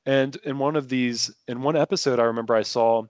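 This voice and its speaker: A man's voice: medium pitch, fairly even intonation, fairly quick, no echo. A man talking casually as a podcast guest, rambling with many restarts and fillers. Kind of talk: casual conversation.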